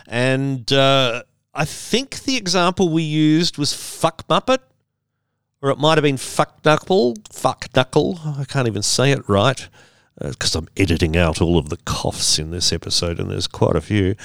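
A man hosts a solo podcast in a chatty, wry manner, drifting into rambling asides. His voice is smooth and clean, recorded dry on a close mic with no room sound. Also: medium pitch, moderate pace, fairly bright tone, no echo. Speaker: podcast host.

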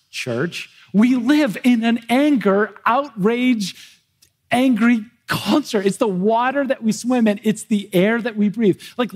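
Husky high-voiced male pastor preaching. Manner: conversational, self-interrupting with repeated words. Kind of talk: sermon. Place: church, livestreamed worship.

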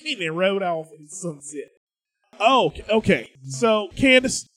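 High-voiced joking man on a podcast. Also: expressive, measured pace, soft background music. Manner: loud joking, laughs often; high-pitched. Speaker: podcast co-host. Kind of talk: casual comedic chat.

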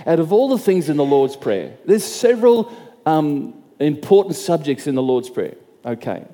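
A man's voice: a little high, very animated, moderate pace, dark tone, long reverb tail. A man preaching a sermon as pastor, conversational, repeating and restarting phrases and asking the crowd questions.

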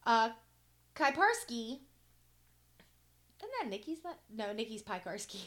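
A woman's voice: fairly high pitch, big pitch swings, unhurried, fairly bright tone. A woman co-hosting a casual podcast, reading news stories aloud with small stumbles and casual swearing. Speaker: podcast co-host.

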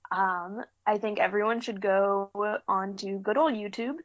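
A woman's voice: medium pitch, fairly even intonation, a little slow, no echo. A woman co-hosting a film podcast, speaking thoughtfully and earnestly. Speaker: podcast co-host. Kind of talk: casual film podcast chat. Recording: dry, muffled lo-fi audio.

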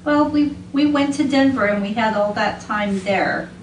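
A woman's voice: fairly high pitch, normal speed. A middle-aged mother earnestly questioning her son on a home recording, often talking over him. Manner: earnest, probing, talks over others. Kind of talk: family conversation on a home recording. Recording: echoey room, far from the mic, noisy.

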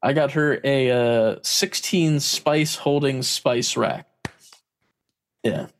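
A man's voice: mid-range voice, takes it slowly. A man in casual chat, telling a story with frequent laughs and casual swearing.

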